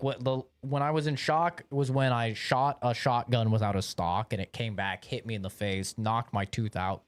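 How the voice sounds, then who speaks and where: A man's voice: lowish voice, clear, resonant tone, dry recording. A young man livestreaming, telling a long story in a casual, rambling way, swearing often and filling gaps with "like" and "bro". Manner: rambling, profane, lots of filler like "like" and "bro". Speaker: streamer.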